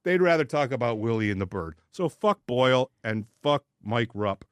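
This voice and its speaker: A man's voice: mid-range voice, lively intonation, normal speed, clear, resonant tone, dry recording. A man co-hosting a sports podcast, ranting in casual chat and swearing freely. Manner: profane, ranting. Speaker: podcast co-host.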